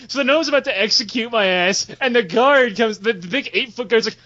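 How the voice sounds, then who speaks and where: Profane, high-voiced young storyteller man. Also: brisk. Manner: animated, profane, laughing while telling, acts out quoted voices. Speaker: podcast co-host telling stories. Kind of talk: casual storytelling chat. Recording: dull lo-fi podcast audio.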